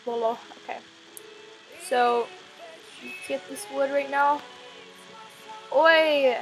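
A young woman with a high, bright voice talks through a game in a loose, rambling way. She giggles often and jokes at her own expense. Faint music plays softly under her voice throughout. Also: flat delivery, slow pace, poor audio. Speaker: gaming channel host. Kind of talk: casual gameplay commentary. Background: music playing in the background.

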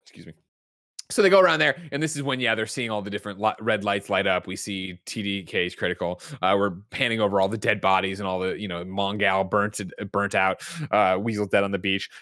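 A man's voice: lowish voice, fairly quick, sharp tone, dry recording, studio quality. A man hosting a podcast, recapping a movie's plot in a rambling, profane, casual way. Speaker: podcast host.

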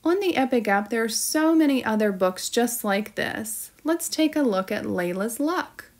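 A woman teacher reading a children's storybook aloud in an expressive, storytelling manner. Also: fairly high pitch, unhurried.

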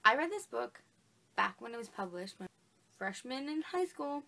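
A young woman with a fairly high voice chats about books in a casual vlog. She gushes and gets emotional, tossing in "like" and "literally" all the time. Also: very animated, moderate pace, creaky, bright, forceful tone. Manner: gushing, emotional, says "like" and "literally" a lot. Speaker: book vlogger. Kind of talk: casual chat.

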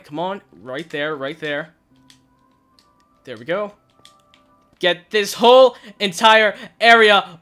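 A young man wearing a headset, giving nervous, excited gameplay commentary and crying out in panic as he plays. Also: high-pitched. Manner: nervous, shouts and cries out in panic. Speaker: gaming channel host. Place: hot room at home.

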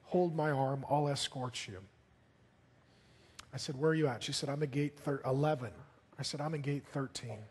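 A man preaching a sermon as a pastor, telling stories in a lively, joking way with bursts of excitement. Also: medium pitch, moderate pace, long pauses, breathy edge. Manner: animated, jokey storytelling with bursts of excitement. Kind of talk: sermon storytelling. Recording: long hall reverb.

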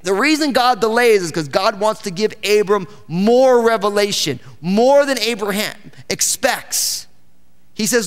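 A man's voice: high voice, lively intonation, measured pace. A male pastor preaching a sermon, reading scripture aloud and breaking in with exclamations. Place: church sanctuary. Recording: church hall with long reverb.

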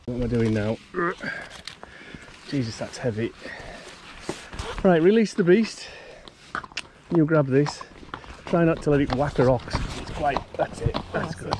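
A man coaching someone through pony training, his voice a little high. He talks bluntly and coaxingly, with clear outdoor noise and hoof clatter behind him. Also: lively intonation, unhurried, pauses often. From Cumbria, England. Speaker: horse trainer. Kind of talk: casual instructions while training a pony. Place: outdoors in a yard and on a lane with a pony.

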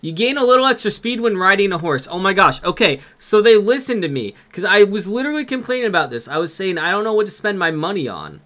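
A young man with a Minnesotan accent, commenting on a game live and reading its text aloud in an excitable, jokey way. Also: sits high, quick pace, hardly any pauses. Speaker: streamer.

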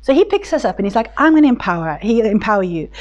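A woman's voice: a little high, sing-song, fast talker, a little mellow, dull audio. A woman teaching a Bible study group in a casual, conversational way, with many restarts, speaking tenderly when voicing God. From South Africa.

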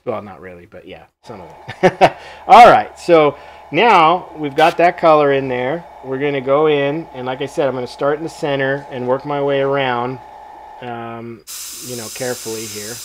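A man's voice: medium pitch, normal speed, a little hiss or hum. A man hosting a live mask-painting tutorial, thinking aloud as he works, easygoing and rambling, with small jokes at his own expense. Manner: easygoing, rambling, self-joking; thinks aloud while working. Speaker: mask artist demonstrating painting.

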